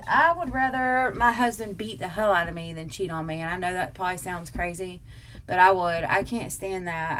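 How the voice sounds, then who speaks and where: A young adult woman hosts a live stream, chatting casually yet emphatically to viewers as she answers tag questions. Her voice is lowish and a bit bright, with a little hiss or hum in the audio.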